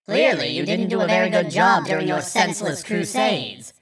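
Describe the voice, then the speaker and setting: A woman's voice: on the low side, big pitch swings, moderate pace, far from the mic, a loud crowd. A woman voicing a smug, condescending female necromancer villain who taunts her foe. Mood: taunting.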